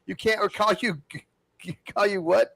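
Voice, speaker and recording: A man hosting a casual livestream panel chat, animated, swearing casually and stammering through fillers. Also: high voice, unhurried, vocal fry. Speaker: livestream host.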